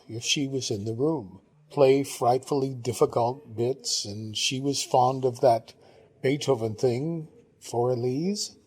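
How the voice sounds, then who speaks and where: A man reading an audiobook, voicing a genteel older Englishwoman who chats fondly about her childhood with brisk, upper-class exclamations. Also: medium pitch, darkish tone, breathy edge. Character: genteel older Englishwoman, chatty and fond of the past.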